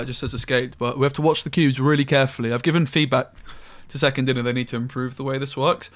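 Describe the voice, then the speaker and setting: A man's voice: medium pitch, fairly even intonation, fast talker, hardly any pauses, a little hiss or hum. Chatty man streaming a card game. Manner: chatty, talks to chat, bursts into loud exclamations. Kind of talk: casual live-stream commentary.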